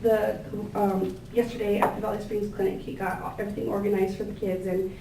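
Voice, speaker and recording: A woman giving a thank-you speech at a gathering, introducing guests with warm, gushing words and many fillers. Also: medium pitch, flat delivery, a little fast. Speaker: event organizer introducing staff and guests. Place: large indoor room with tables. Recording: echoey room, picked up from a distance, faint ambient noise.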